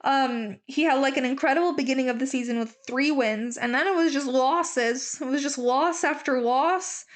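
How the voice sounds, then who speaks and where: A woman hosts a podcast in loose, casual chat. Her voice sits a little high, and she gushes freely, sprinkling "like" through nearly every sentence. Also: moderate pace, hardly any pauses. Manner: chatty, gushing, full of "like" fillers. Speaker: podcast host.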